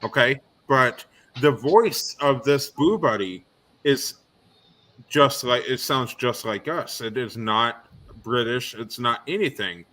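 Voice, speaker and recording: A man's voice: mid-range voice, slow pace, sharp tone. A man co-hosting a casual podcast, asking long questions full of fillers and restarts. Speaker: podcast co-host. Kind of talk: casual video podcast chat.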